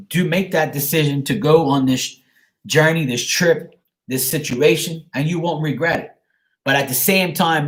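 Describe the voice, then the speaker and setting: Guy doing a tarot reading live, blunt and chatty, kinda high voice, says hi to viewers. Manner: frank, chatty, greets viewers by name. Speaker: tarot card reader. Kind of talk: live-streamed casual card reading.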